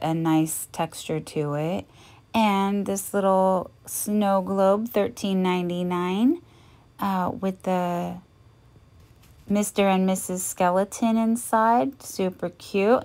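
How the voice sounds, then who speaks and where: A woman narrating a shopping haul as a vlogger, chatty and gentle, cooing over cute finds. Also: mid-range voice.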